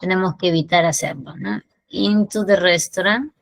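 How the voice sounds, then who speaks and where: A woman with a Peruvian Spanish accent teaching an English lesson, mixing Spanish explanations with slowly drawn-out English example sentences. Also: lowish voice, vocal fry, dry recording, poor audio.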